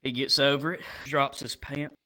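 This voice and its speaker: A young man doing crude, animated stand-up storytelling that jumps up into loud shouts. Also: mid-range voice, normal speed. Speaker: stand-up comedian.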